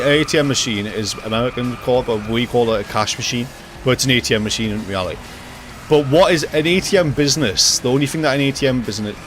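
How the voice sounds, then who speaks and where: During a gaming livestream, a young man with a medium-pitched, slightly bright voice rants and jokes casually with his chat. He reacts to viewers and swears offhandedly.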